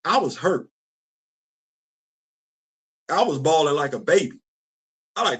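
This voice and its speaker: A middle-aged man hosting a casual livestream chat, animated and laughing often as he answers his audience. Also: on the high side, slow, long pauses, husky. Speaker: host.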